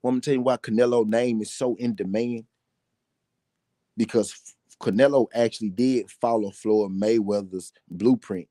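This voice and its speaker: Blunt, profane Southern boxing talk host. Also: male voice, lowish voice, steady tone, moderate pace, mellow, dry recording. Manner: blunt, repetitive, heated and profane. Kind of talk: profane solo boxing commentary.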